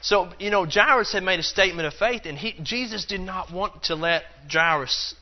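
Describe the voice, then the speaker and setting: A man's voice: high-pitched, moderate pace, lo-fi sound, slight background noise. A man teaching a Bible lesson in a loose, conversational way, acting out the quotes and dropping in plenty of fillers. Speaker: preacher.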